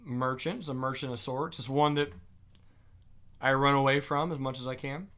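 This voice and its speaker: A man's voice: medium pitch, fairly even intonation, moderate pace, a bit bright. A man hosting a live stock trading show, giving casual market commentary with joking asides and thinking aloud.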